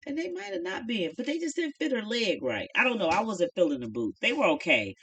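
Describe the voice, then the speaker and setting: A woman's voice: a little high, sing-song, a little fast, a bit bright, slightly rough. A middle-aged woman casually chatting through a reality show review in a folksy, opinionated way.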